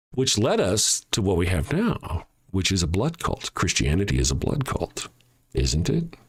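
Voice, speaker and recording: Animated sarcastic man ranting. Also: low voice, creaky, husky. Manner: mocking, sarcastic, swings between loud jabs and quiet asides. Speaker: show host. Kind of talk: ranting monologue.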